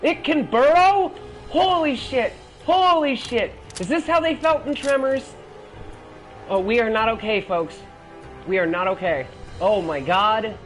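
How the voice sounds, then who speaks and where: A man's voice: very high-pitched, animated, unhurried, a bit bright, faint music behind. A young man giving casual gameplay commentary as he plays, swearing a lot and shrieking when he is startled. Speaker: gaming video host.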